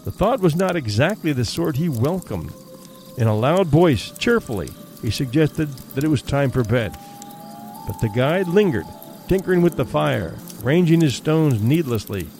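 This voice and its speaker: A man narrating an audiobook horror story in a measured storytelling manner. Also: a little high, lively intonation, a little mellow, soft background music.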